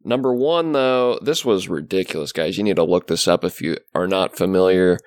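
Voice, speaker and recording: A man with a low voice hosts a casual podcast conversation. He rambles, restarting his sentences and filling gaps with "uh" and "you know". The sound is dry and close. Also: normal speed, dry recording. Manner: rambling, lots of fillers and restarts. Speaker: podcast host. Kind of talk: casual chat.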